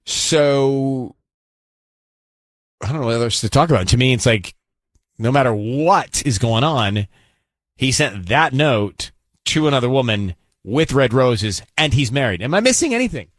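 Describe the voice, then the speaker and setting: A man's voice: mid-range voice, expressive, a bit bright, dry recording. A man hosting a morning radio show, chatting and joking with co-hosts and callers. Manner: joking, teasing, quick laughs. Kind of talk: casual morning radio banter.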